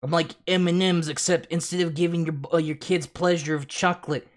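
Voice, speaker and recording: A man's voice: fairly high pitch, steady tone, fairly quick, voice pushed up, natural voice. A man putting on a sneering, mock-boastful parody of a smug, self-justifying man.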